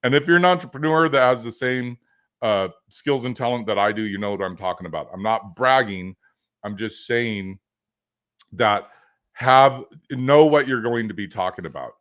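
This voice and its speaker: A man's voice: medium pitch, normal speed, a bit bright. A man hosting a livestream as a business coach, teaching in a casual, rambling way with many fillers and joking asides.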